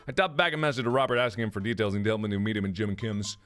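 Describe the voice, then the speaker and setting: A man's voice: fairly low pitch, very fast, hardly any pauses, fairly bright tone, faint music behind. A man in his twenties hosting a let's play, reading game text aloud in a goofy, playful way and breaking into silly voices. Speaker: gaming video host.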